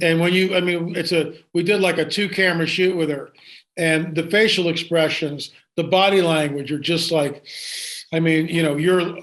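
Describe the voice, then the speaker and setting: A man speaks high in his register as he recounts a story for an interviewer. He talks excitedly, doubling back and restarting his sentences as he goes. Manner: excited, with frequent restarts and asides. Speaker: guest.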